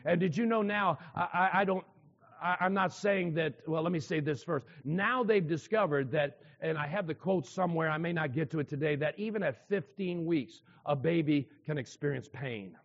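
A pastor with a fairly high voice preaches emphatically at a moderate pace to a congregation in a church hall. He repeats key phrases and asks the listeners questions, and the recording sounds dull with long hall reverb.

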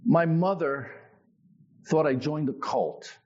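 A man telling his own testimony in a sermon, in a conversational, animated storytelling way. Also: fairly high pitch, takes it slowly, muffled recording. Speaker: preacher.

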